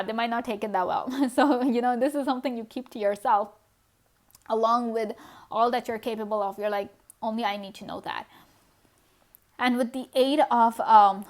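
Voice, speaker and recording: Chatty woman doing a tarot reading. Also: on the high side. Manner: chatty, addresses the viewer directly, lots of "you know" and soft laughs. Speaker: tarot card reader. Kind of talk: casual pick-a-card tarot reading.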